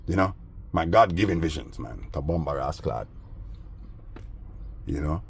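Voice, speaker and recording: A man's voice: a bass voice, animated, unhurried, vocal fry, a little hiss or hum. A man rambling through a story in casual street slang, aggrieved and agitated. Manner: streetwise, peppered with "man" and "bro". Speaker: vlogger.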